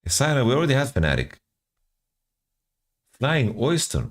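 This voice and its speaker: Male streamer, deep voice, slow and unhurried, pitch jumping around, casual guessing chatter. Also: big pitch swings. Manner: thinking aloud, guessing esports rosters, repeating words.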